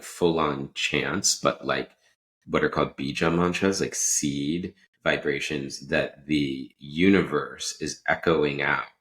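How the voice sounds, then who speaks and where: A man's voice: a bass voice, fairly bright tone. A man hosting a podcast, telling a personal story in a rambling, casual way, often breaking off mid-sentence and laughing. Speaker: podcast host.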